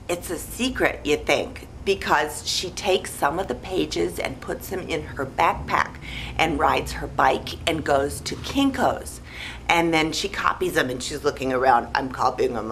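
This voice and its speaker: Woman, bright clear tone, deadpan and wandering, casual movie recap. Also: fairly low pitch, slight background noise, low-quality recording. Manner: naive, wandering, full of "like" and "you know".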